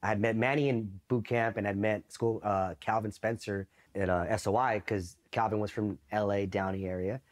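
A man's voice: on the low side, fairly even intonation, moderate pace, hardly any pauses. A man from East Los Angeles, a Marine veteran, telling stories in a casual, profane interview, loose and full of "you know" and "right?".

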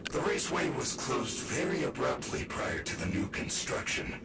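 Game robot bear guide, voiced by a man: calm, informative, wildly swinging pitch. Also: moderate pace, crowd noise, natural voice. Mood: helpful.

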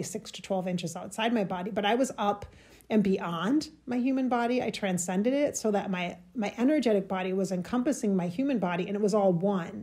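A woman telling a personal spiritual story in a halting, emotional way, searching for words and getting choked up. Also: medium pitch, warm tone, husky. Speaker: spiritual channel host.

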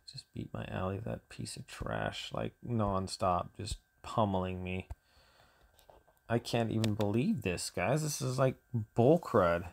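Gravelly, exasperated man commentating gameplay. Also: on the low side, sing-song, slow pace, a little hiss or hum. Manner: grumbling and exasperated, sighs often. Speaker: gaming channel host.

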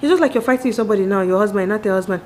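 A woman in her thirties with a Nigerian accent, giving a candid, animated monologue on marriage straight to her viewers and acting out the voices she quotes. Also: mid-range voice, very fast, a little hiss or hum. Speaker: vlogger.

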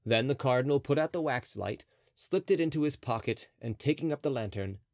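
A man's voice: mid-range voice, lively intonation, fairly quick, a little mellow, no room sound, clean studio sound. A man narrating a classic adventure novel as an audiobook, telling the story expressively. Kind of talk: scripted narration.

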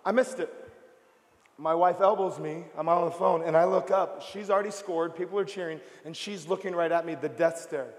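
Animated high-voiced preacher in a reverberant hall. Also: male voice, normal speed, slight background noise. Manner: animated storytelling with comic voices. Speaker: pastor, guest preacher. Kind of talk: lively comedic sermon. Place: large church auditorium.

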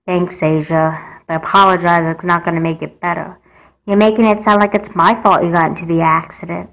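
A woman's voice: fairly low pitch, fairly even intonation, brisk, gravelly, rough recording. Woman voicing a sad, wistful teenage girl. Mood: hurt. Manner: soft, wistful, crying out in fear. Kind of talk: doll movie voice acting.

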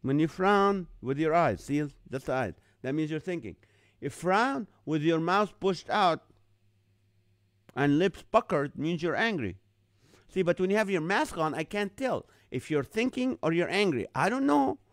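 A man's voice: fairly high pitch, unhurried, no echo, clean studio sound. A man from the Middle East hosting a live online show, telling a comic story and acting out other people's lines. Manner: animated, acts out other people's lines in a jumped-up voice. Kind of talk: comedic storytelling monologue.

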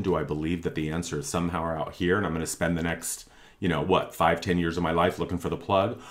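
Man, low voice, spiritual teacher, earnest, emphatic, repetitive phrasing. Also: little pitch movement, fast talker. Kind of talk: spiritual monthly forecast talk.

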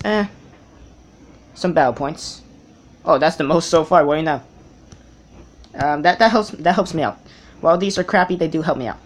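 A young man giving casual, rambling commentary while playing a card game on a tablet, often correcting himself and getting excited over good pulls. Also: fairly high pitch, slight background noise. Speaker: mobile game player. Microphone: tablet's built-in mic.

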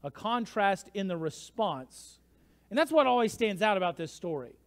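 A man preaching a sermon as pastor, telling the story with swings from hushed to shouting. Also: high voice, lively intonation, moderate pace. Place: church sanctuary. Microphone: livestream church mic.

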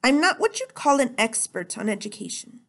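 A gruff, blunt male bodyguard, as a woman reading a novel aloud puts him on, protective and dry in his remarks. Her voice sits a bit high for him, with a gravelly rasp underneath. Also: sing-song, normal speed, a bit bright, heavily acted.

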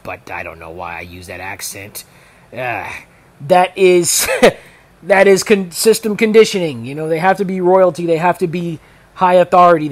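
Rambling man reading scripture, pitched high. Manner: rambling, repeats words, many fillers. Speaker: Bible teacher on a video channel. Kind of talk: reading scripture with casual commentary.

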